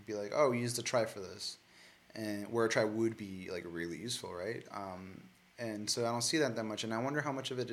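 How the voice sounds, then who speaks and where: Man, software developer type, bright tone, rambling casual talk with profanity. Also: lowish voice. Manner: loose and profane, laughs often, many fillers. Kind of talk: casual podcast chat.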